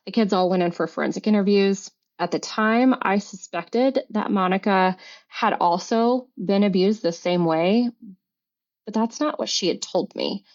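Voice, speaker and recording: A woman's voice: medium pitch, darkish tone. Middle-aged lady guest telling her story, earnest, stops and restarts a lot, dull lo-fi audio. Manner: earnest, halting, with many restarts and fillers. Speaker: podcast guest. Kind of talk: personal story in conversation. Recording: dull lo-fi recording.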